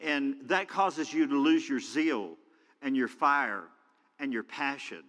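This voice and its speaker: A man preaching a sermon as pastor, telling the story with drama and swinging from loud, emphatic lines to hushed ones. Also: medium pitch, lively intonation, takes it slowly. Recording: long hall reverb.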